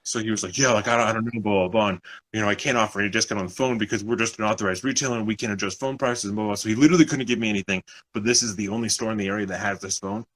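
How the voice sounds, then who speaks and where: Young male podcast co-host, husky and rapid, animated storyteller who swears freely. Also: on the low side, rough recording. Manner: animated retelling, acting out other people's lines, swears often. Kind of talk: casual storytelling chat.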